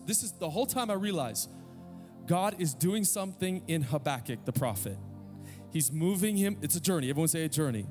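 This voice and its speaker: A man preaching a sermon as pastor, animated and conversational, with humorous everyday comparisons and calls for the audience to respond. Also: on the high side. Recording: long hall reverb with faint music.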